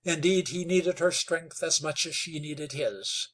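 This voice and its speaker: A man reading a western novel aloud in a measured, steady way. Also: a little high. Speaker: audiobook narrator. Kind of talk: scripted narration.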